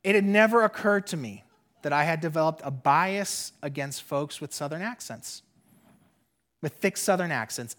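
An adult pastor preaching a sermon in an earnest way, repeating phrases for emphasis and often dropping to a soft, quiet voice. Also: medium pitch.

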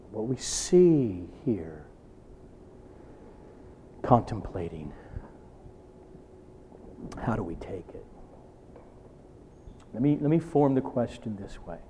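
A man preaching a sermon, asking rhetorical questions and swinging between loud emphatic bursts and hushed asides. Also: mid-range voice, expressive, slow pace, long pauses, a little hiss or hum. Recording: long hall reverb.

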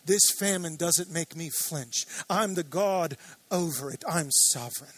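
A man's voice: on the high side, a little slow, fairly bright tone, slightly rough, no room sound. A man preaching a sermon as pastor, earnest and building to emphatic declarations.

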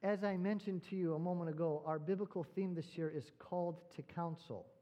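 A man's voice: sits high, brisk, mellow. A male pastor preaching a sermon, telling a story and posing rhetorical questions.

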